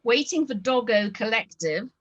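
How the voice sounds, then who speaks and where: A woman's voice: on the high side, lively intonation, normal speed, highs cut off. A woman with a Northern English accent hosting a casual video-call chat, talking in an enthusiastic, rambling way with lots of ums. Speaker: host.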